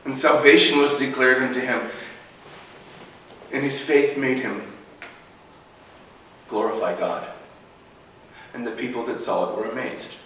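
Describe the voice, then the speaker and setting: A man's voice: medium pitch, fairly even intonation, a little slow, long pauses, fairly bright tone, highs cut off, slight background noise. A man preaching a sermon in a church, in a conversational way with casual asides. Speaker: priest. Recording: echoey church recording from far off.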